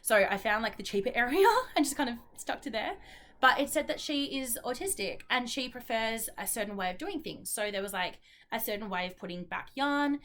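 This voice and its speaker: Bright-voiced Australian woman chatting casually. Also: a little high, expressive, brisk. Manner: chatty, rambling, apologetic, many ums. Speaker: knitting vlogger. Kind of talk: casual chat.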